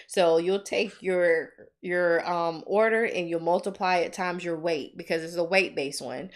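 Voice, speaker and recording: A woman with a Southern American drawl walks nursing students through dosage math in a live tutoring session. Her pitch sits in the middle range. She talks in a lively, chatty way and keeps checking in with "okay?" as she goes.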